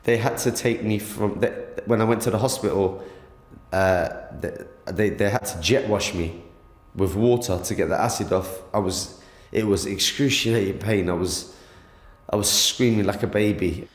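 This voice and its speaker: A man giving an emotional first-person account of an attack, halting with many stammered restarts, recorded in a hospital room. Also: fairly low pitch, roomy sound. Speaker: interviewee, attack victim.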